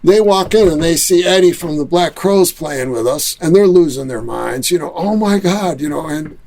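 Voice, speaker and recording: A man with a Detroit accent telling a lively story in a casual interview, acting out other people's quotes. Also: on the high side, normal speed. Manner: animated storyteller who acts out quotes. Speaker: musician and studio owner, guest.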